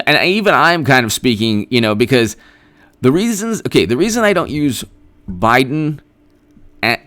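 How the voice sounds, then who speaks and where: A man's voice: mid-range voice, a bit bright. A man hosting a live-stream political commentary, talking in a sarcastic, rambling, mocking way.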